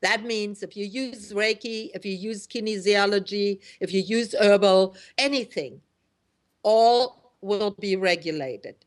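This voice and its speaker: Slow, indignant woman talk host. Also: mid-range voice. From Germany. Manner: indignant, emphatic, with many fillers and restarts. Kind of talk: opinionated radio talk.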